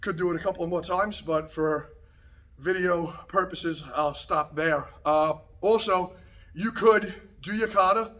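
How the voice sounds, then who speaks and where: A karate instructor talks straight to the camera after a workout, his fairly high voice still carrying a little breathlessness. He coaches in a loose, easygoing way and keeps checking in with his viewers. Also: measured pace. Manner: relaxed, repetitive coaching with frequent okay and right. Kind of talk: casual instructional talk to camera. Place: martial arts practice space, indoors.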